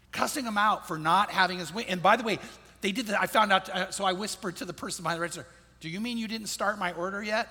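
Bright, husky-voiced male pastor in a reverberant hall. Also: high voice. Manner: conversational, storytelling, repeats key phrases. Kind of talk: sermon.

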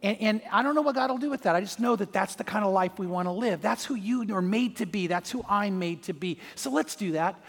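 A man's voice: high-pitched, fairly quick, gravelly, hardly any pauses, long reverb tail. A man preaching a sermon as pastor, telling a personal story and acting out the voices in it. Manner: storytelling, acts out voices in anecdotes.

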